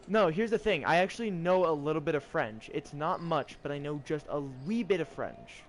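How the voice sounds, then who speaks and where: A young gameplay streamer chats casually as he plays, reading riddles aloud and cracking jokes in mock French. His fairly high voice has lively intonation and a moderate pace with hardly any pauses, over slight background noise.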